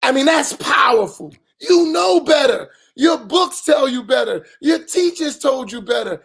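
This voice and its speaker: A middle-aged imam, giving an emphatic post-dawn-prayer talk full of rhetorical questions and bursts of raised voice. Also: male voice, very high voice, animated, moderate pace, vocal fry, fairly bright tone, husky. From United States.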